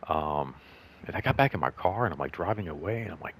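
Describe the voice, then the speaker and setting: A middle-aged host tells a personal story in a casual, rambling way, full of fillers, sometimes voicing what others said in a higher pitch. His voice is animated, fairly quick and fairly bright, with slight background noise.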